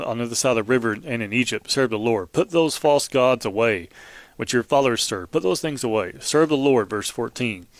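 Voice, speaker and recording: A man's voice: medium pitch, no room sound. A man teaching verse by verse from the Bible, reading passages aloud and then explaining them plainly, often restarting his phrases. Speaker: preacher.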